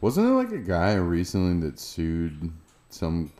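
A man's voice: low voice, wildly swooping pitch, unhurried, mellow. A man joining a casual podcast chat, speaking hesitantly and trailing off.

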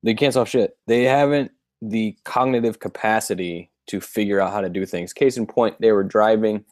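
A man's voice: on the low side, normal speed, darkish tone, no echo. A man co-hosting a podcast, riffing in casual comedic chat and breaking into voices. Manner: rambling, riffing, mimics voices. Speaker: podcast co-host.

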